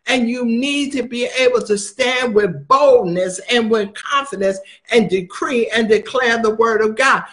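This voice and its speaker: Preacher: man with a very high voice, emphatic, drives points home by repeating them. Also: a bit bright. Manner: emphatic, repeats phrases for stress. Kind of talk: sermon.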